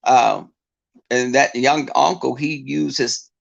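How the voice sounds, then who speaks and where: A man chatting casually to his viewers, telling stories in an animated way and breaking into mocking impressions of others. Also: mid-range voice, takes it slowly, vocal fry, highs cut off.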